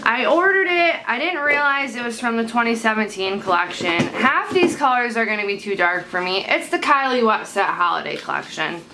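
A woman's voice: fairly high pitch, lively intonation, normal speed, hardly any pauses. Young woman, beauty vlog chat, rambling, blunt, home camera mic, background hiss. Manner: chatty and rambling, blunt and swears when annoyed. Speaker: beauty vlogger. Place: at home, indoors. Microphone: handheld camera mic. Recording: noisy home camera recording.

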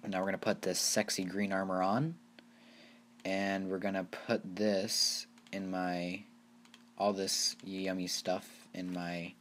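Low-voiced man giving rambling game commentary. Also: slight background noise. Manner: rambling, easily excited, talks to viewers as "you guys". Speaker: gaming channel host. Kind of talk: casual gameplay commentary.

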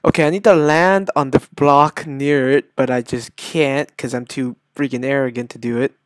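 A man doing gameplay commentary who shifts from low muttering to sudden shrieking outbursts, swearing often. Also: fairly even intonation, moderate pace, clean tone. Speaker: gamer.

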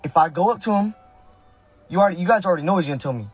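A man's voice: high-pitched, lively intonation, racing, breathy edge, faint music behind. A young man from the Sacramento area, talking to his live-stream chat in slang. He sounds nervous, and he keeps swearing oaths. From Sacramento area, California. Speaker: prank video maker streaming live.

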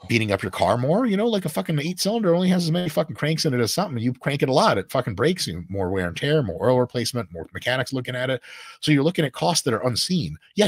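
Fast, husky, animated man swearing freely. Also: mid-range voice, dry recording, studio quality. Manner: profane, fast and emphatic, acts out voices. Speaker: guest expert on muscle training. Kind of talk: animated casual discussion.

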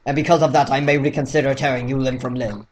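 A man voicing a stern, gruff alien martial arts master as he reads game dialogue aloud. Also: medium pitch, fairly even intonation, quick pace, lightly acted.

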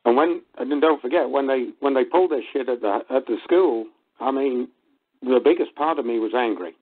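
A man calling in to a radio show, speaking haltingly and with frustration. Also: medium pitch, breathy edge. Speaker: caller. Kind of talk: phone-in conversation. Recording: tinny phone line.

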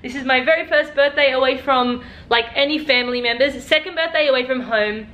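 A woman's voice: sits high, brisk, bright, forceful tone, dull audio. A woman in her twenties with an Australian accent, chatting to camera in a bubbly, playful vlog. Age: 20s. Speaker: vlogger. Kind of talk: casual vlog chat to camera.

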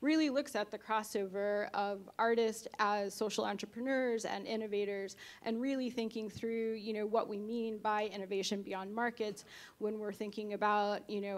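A woman co-presenting at a conference as a guest speaker, talking fluently with frequent "kind of" and "you know". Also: medium pitch. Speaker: guest speaker, arts organization director. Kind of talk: conference talk.

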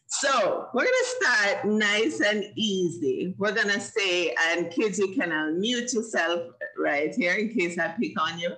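Woman, host of a kids' video-call event, bright tone, playful and encouraging. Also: mid-range voice, expressive, a little slow, hardly any pauses, rough recording. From Jamaica. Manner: playful and encouraging, often laughing. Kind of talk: hosting a live online kids' event.

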